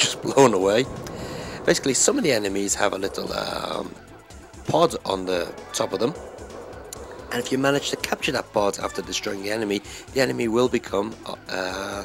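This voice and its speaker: Gravelly man narrating gameplay. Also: on the low side. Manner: relaxed, rambling, frequent uh fillers. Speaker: retro game reviewer. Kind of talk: casual gameplay commentary voice-over. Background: game music.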